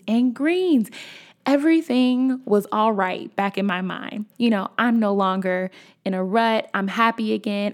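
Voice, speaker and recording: A young woman telling a personal story in a chatty, casual way, talking straight to her viewers. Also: medium pitch. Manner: chatty, addresses viewers as y'all. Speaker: storyteller vlogger.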